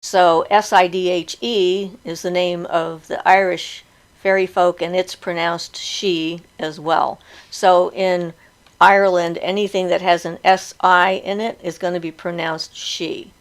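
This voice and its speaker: A woman's voice: fairly low pitch, little pitch movement, unhurried. A middle-aged woman hosting a casual live chat, talking freely and laughing often as she reads viewer comments aloud.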